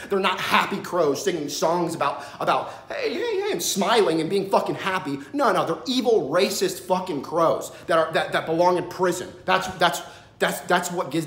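A loud man rants into a phone held on a selfie stick, swearing constantly and breaking into laughter. His pitch swings up and down with lively energy. The sound bounces around an echoey room. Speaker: vlogger. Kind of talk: profane comedic rant.

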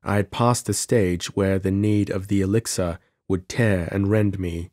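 A male audiobook narrator with a fairly low voice tells the story in a measured, dramatic first-person style. He sits close to the mic in a dry, dead room. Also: fairly even intonation, a little mellow, dry recording. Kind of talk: scripted narration.

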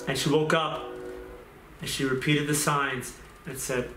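Bright-voiced man preaching in an echoey room. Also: on the high side, flat delivery, faint music behind. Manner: conversational, repeats phrases, halting restarts. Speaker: pastor. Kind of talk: informal sermon. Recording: roomy echo.

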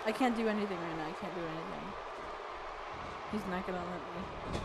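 A woman commentating her own wrestling video game match, excitable, swearing and shouting at the screen. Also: lowish voice, brisk, gravelly. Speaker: gaming channel host. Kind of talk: let's play commentary. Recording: game crowd and arena noise behind.

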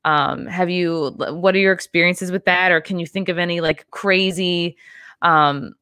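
A woman's voice: on the low side, steady tone, unhurried, sharp tone, smooth, dry recording. A woman hosting a podcast interview, talking casually with lots of "like" fillers. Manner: chatty, many "like" fillers. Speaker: podcast host.

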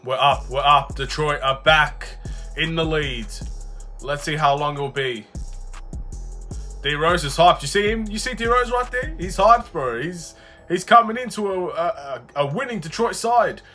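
Excitable young man narrating his own gameplay. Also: a little high, measured pace, soft background music. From Australia. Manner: excitable, swings from muttering to frustrated shouting. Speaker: gaming YouTuber. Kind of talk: live gameplay commentary.

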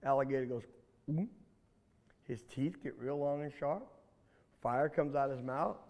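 A man telling a folk tale aloud in an animated, folksy way, talking straight to his listeners. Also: mid-range voice, normal speed. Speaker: storyteller. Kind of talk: oral folk storytelling. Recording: long hall reverb.

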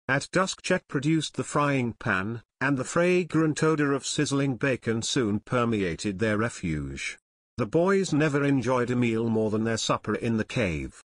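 A man narrating an unabridged audiobook in a steady, measured reading. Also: mid-range voice, no room sound.

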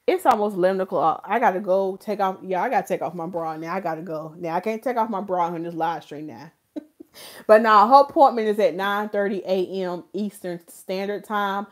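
A woman's voice: mid-range voice, fairly quick. A woman talks casually to her livestream viewers, playful and joking. She hosts as a hairstylist and chats easily, teasing her audience. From North Carolina, USA.

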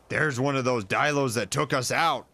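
A man giving jokey, animated commentary while playing a survival game and talking to the creatures in it. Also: mid-range voice, unhurried, gravelly. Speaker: gaming YouTuber. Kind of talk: playthrough commentary.

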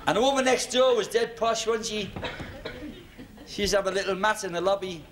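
Man, stand-up comic, high voice, club stage, noisy old TV recording under heavy laughter. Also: fairly quick. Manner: reminiscing storyteller, tag questions to the audience. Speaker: stand-up comedian. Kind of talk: stand-up routine. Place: working men's club stage.

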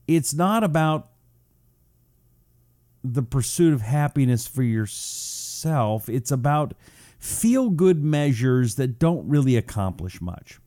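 A man's voice: medium pitch, expressive, slow, warm tone, dry recording, studio quality. A man from Washington State hosting a talk show, chatting loosely, greeting listeners and drawing out words for effect. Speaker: radio talk show host. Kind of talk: casual talk show monologue, reading out audience messages.

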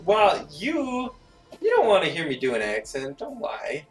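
A man's voice: high-pitched, wildly swooping pitch, measured pace, over loud music. A man hosting a casual game video, rambling in a goofy way and trailing off mid-sentence. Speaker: channel host. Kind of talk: casual gaming chat.

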